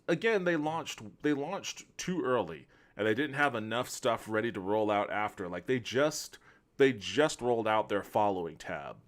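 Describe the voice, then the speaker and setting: A man hosting a stream, giving casual, blunt and joking reaction commentary. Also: mid-range voice. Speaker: stream host.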